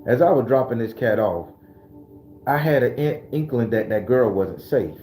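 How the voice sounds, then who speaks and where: A man hosting his own channel, telling a story casually in a profane, animated, streetwise way. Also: mid-range voice, moderate pace, echoey room, soft background music. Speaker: spiritual channel host.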